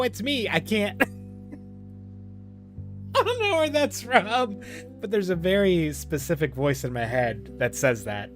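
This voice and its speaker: A man giving casual, rambling commentary over his gameplay, laughing often and pausing with fillers. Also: on the high side, a bit bright. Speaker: gameplay streamer.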